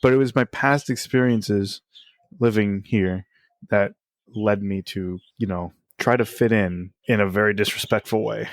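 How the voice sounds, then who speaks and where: A man, a guest on a casual podcast, candidly telling personal stories and getting animated as he retells them. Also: lowish voice, measured pace, no room sound, clean studio sound. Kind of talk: casual storytelling.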